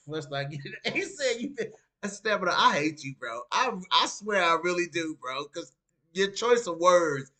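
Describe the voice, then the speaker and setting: A man on a live stream with a high, bright, ringing voice. He talks casually and animatedly to his viewers. He drops into low asides and then jumps up into loud outbursts. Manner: leans on "you know what I'm saying" as a constant filler. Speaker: streamer reading live chat. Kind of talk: casual talk on a live stream about mixed martial arts.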